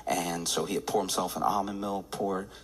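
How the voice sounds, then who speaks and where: A man performing a stand-up comedy routine, telling a story with restarts and climbing into excited laughter. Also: sits low, normal speed.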